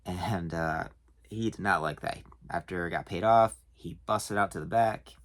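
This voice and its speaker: A man who works at a storage facility tells work stories casually to camera, chuckling and pausing on lots of fillers. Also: low voice. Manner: chuckling, hesitant with many fillers.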